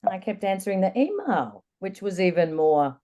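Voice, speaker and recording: A woman guest in an interview, candidly recounting a personal experience in a reflective, lively way. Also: mid-range voice, normal speed. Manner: candid, reflective, animated retelling. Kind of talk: personal storytelling in conversation.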